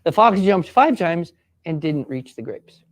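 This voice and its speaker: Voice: medium pitch, sing-song, measured pace. A writing teacher leading a live classroom workshop, encouraging students and giving step-by-step directions. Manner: acts out sample voices for students.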